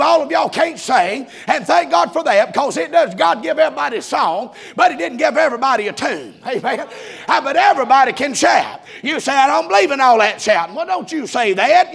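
A man preaching a sermon in a shouting, rhythmic cadence with folksy asides. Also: very high-pitched, lively intonation, moderate pace, gravelly.

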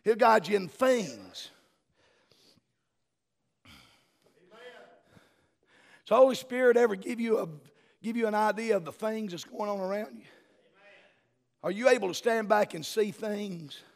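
A middle-aged man, preaching a sermon as a pastor and building to fervent shouting. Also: high voice, unhurried, creaky, long pauses.

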